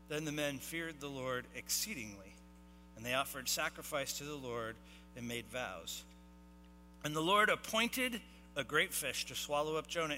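A man preaching a sermon as pastor, reading scripture and explaining it in casual, animated talk. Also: fairly high pitch. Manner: animated, acts out the sailors' shouting. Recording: long hall reverb, faint music and mains hum.

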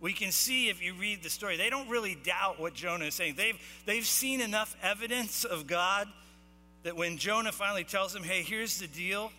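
Bright-voiced pastor preaching in a hall. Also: male voice, high-pitched, normal speed. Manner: animated, acts out the sailors' shouting; casual slang mixed with scripture reading. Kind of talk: sermon. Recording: long hall reverb, faint music and mains hum.

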